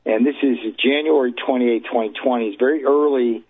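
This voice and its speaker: A man's voice: medium pitch, fairly even intonation, brisk, husky, no echo. A man guesting as an author on a phone-in interview, telling his story in an emphatic, combative way. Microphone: telephone. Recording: tinny phone line.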